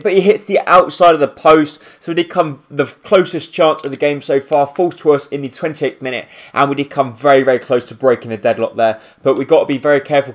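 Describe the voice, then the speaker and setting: A man commentating his own football video game as he plays, with excitable play-by-play and rambling asides. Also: mid-range voice. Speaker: gaming YouTuber.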